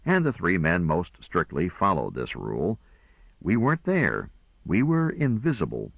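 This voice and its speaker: A man reading an audiobook in a measured, expressive first-person narration, in a dull lo-fi recording. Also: sits low, gravelly, breathy edge, no room sound.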